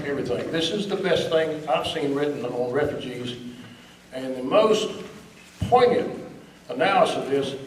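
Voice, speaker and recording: A man with a fairly high voice speaks at a political meeting, emphatic and scornful in tone. He is picked up from across an echoey room with faint background noise. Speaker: guest speaker. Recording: echoey room, recorded from a distance.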